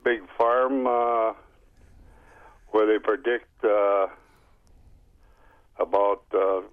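A man calling in to a radio show, speaking haltingly with many fillers over a dull phone-in line. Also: lowish voice, steady tone, no echo. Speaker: caller. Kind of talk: call-in radio conversation.

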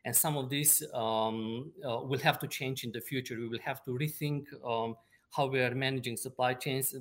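Male expert guest, mid-pitched, measured and halting delivery. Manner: measured, explanatory, many ums and uhs. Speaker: supply chain expert guest. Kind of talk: remote interview answers.

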